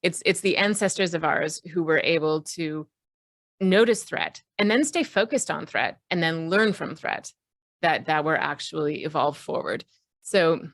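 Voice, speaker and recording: A woman coach talks through her ideas with a group in a loose, conversational way, restarting sentences and dropping in fillers. Her voice sits low with a gravelly texture. The sound is dry and close, with no room around it. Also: a bit bright, no room sound. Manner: conversational, many fillers and self-corrections. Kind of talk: live online coaching talk.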